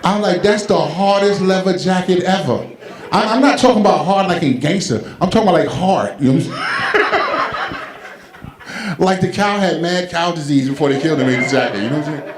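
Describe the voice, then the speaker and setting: Rambling New comic, roomy venue. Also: male voice, a little high, expressive, fast talker, long pauses, crowd noise. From Brooklyn, New York. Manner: loose, rambling, laughing at his own jokes. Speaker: stand-up comedian. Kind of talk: stand-up comedy routine. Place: comedy event venue.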